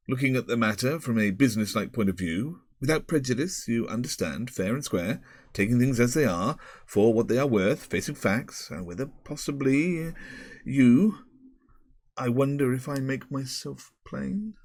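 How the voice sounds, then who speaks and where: A man's voice: medium pitch, dry recording, voice pushed up, close to an everyday voice. A man voicing a pompous, long-winded elderly headmaster who speaks formally and rambles. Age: older.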